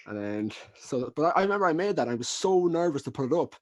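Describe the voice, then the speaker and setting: A man's voice: fairly high pitch, very animated, quick pace, darkish tone. An Irish man who is a podcast guest, talking casually and rambling with frequent restarts. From Ireland. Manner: rambling, lots of restarts and fillers. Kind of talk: casual chat.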